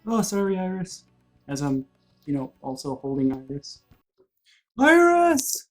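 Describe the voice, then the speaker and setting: A man's voice: medium pitch, moderate pace, dark tone, faint music behind. A chatty man narrating a board game unboxing in a casual, self-deprecating way, often correcting himself mid-sentence.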